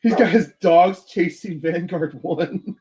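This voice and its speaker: A man's voice: high-pitched, takes it slowly, crowd noise. A man co-hosting a casual fantasy-booking chat, agreeable and telling scenes with animation. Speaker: co-host.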